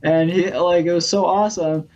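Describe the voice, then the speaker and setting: A man vlogging in a casual storytelling style, rambling and excitable, full of fillers. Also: high voice, normal speed, muffled recording, soft background music. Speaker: gaming vlogger.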